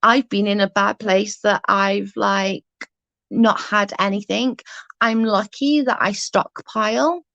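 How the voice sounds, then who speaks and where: A woman's voice: mid-range voice, steady tone, takes it slowly, vocal fry, a bit bright, no room sound, dull audio. A woman ranting to her livestream viewers, indignant and swearing, speaking straight to her chat.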